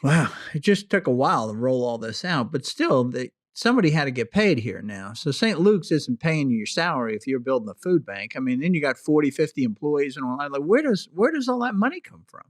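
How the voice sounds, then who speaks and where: A man hosting a casual interview, curious and quick with follow-up questions. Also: medium pitch, lively intonation. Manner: curious, asks follow-ups, laughs easily. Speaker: interview host.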